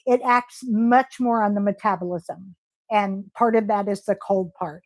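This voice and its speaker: A woman's voice: mid-range voice, fairly even intonation, unhurried. A woman hosting a casual live stream, reading viewer comments aloud and answering them with gushing, emotional praise. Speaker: livestream host.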